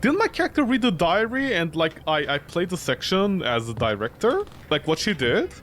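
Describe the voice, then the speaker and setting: A man's voice: high voice, sing-song, moderate pace, fairly bright tone. A man streaming a horror game, rambling and joking as he talks back at it. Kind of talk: let's play commentary.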